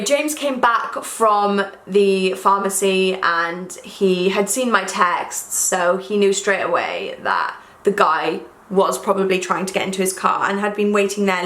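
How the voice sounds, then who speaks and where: A woman's voice: mid-range voice, fairly bright tone. A young woman chatting casually to camera while doing her makeup, rambling and self-deprecating. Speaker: beauty vlogger. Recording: echoey room.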